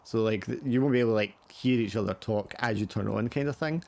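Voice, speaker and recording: A man's voice: on the low side, quick pace, creaky, a little mellow. A man narrating a tabletop horror game as game master, rambling with many fillers.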